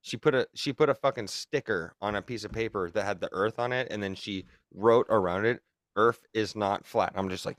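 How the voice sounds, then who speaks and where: A man's voice: on the low side, a little fast, no room sound. A man hosting a podcast, ranting casually with lots of swearing. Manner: profane, animated ranting. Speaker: podcast host.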